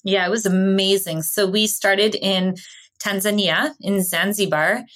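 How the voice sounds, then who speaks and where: A woman from Canada, a podcast guest telling lively travel stories and laughing along the way. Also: mid-range voice, a little slow. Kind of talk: casual interview storytelling.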